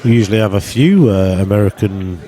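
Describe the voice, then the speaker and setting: A man's voice: on the low side, lively intonation, a little fast, mellow. A man from the UK giving casual live pool commentary from a pub, joking with his co-commentator. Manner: jokey banter with co-commentator. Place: pub venue.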